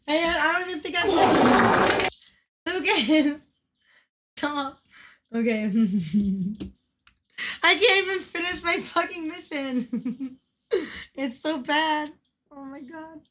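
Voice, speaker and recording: Giggly swearing woman livestreamer. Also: high-pitched. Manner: giggly, swears freely, teasing. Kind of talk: casual gaming stream chat.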